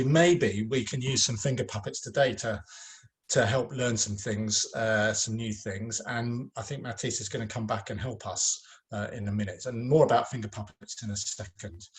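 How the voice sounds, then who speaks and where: A man teaching a French lesson online, speaking to pupils in a patient, encouraging way with a touch of self-mocking humor. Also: medium pitch.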